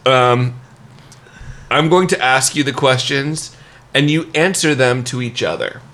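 A man hosting a casual podcast, animated and laughing often as he asks his co-hosts questions. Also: mid-range voice, unhurried. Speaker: podcast host.

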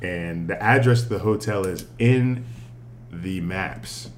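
Low-voiced man telling a story. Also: takes it slowly, a little hiss or hum. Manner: animated, profane, laughs often. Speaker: podcast co-host. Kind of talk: casual storytelling chat.

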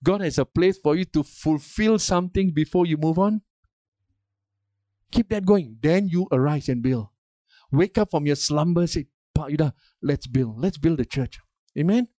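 Older male pastor, emphatic sermon delivery with call-and-response, slightly high voice, dry close sound. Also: moderate pace, warm tone, no echo.

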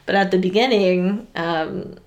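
A woman co-hosting a casual film podcast in a chatty, filler-heavy way. Her pitch sits slightly low for a woman. She retells scenes with easy enthusiasm. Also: unhurried, a little mellow, lo-fi sound. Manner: chatty, many fillers, quotes scenes in shrieky voices. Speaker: podcast co-host. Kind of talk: casual chat about films.

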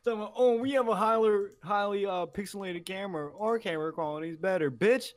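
A young man co-hosting a podcast with a notably high-pitched voice. He talks crude and boisterous, throwing slang and trash talk at his friends nonstop. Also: fairly quick. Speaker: podcast co-host. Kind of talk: casual chat.

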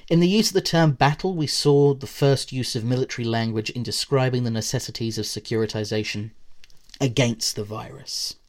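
A man with a middle-pitched voice reads a prepared academic essay for his podcast, working through long quoted passages. He lifts his voice at each new point and lets it sink quietly at the ends of sentences. Now and then he breaks off into a casual aside to the listener. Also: fairly quick. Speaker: podcast host. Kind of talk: reading a prepared essay on politics.

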